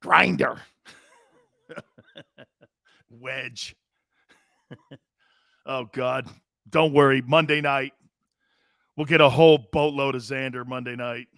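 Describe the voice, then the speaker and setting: A man hosting a sports talk show, animated and joking as he talks. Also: mid-range voice, unhurried, vocal fry, pauses often, no echo. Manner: animated, joking, often laughing. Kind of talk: casual sports radio talk.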